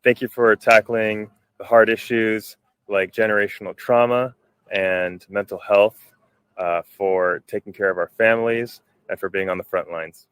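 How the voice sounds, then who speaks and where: A man's voice: lowish voice, fairly even intonation, a little slow, fairly bright tone, clean tone, dry recording. A male actor giving a short, sincere recorded message of thanks.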